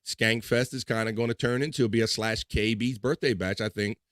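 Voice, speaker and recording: A man's voice: fairly low pitch, steady tone, normal speed, fairly bright tone, no echo, studio quality. A man hosting a casual live chat show, reading viewer comments aloud in a loose, upbeat way with playful filler sounds.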